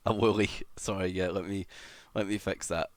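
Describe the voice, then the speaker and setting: A man streaming live, chatting casually as he reads and answers comments, with sudden excited shouts. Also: low voice, no room sound. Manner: chatty, greets viewers, bursts into excited shouts.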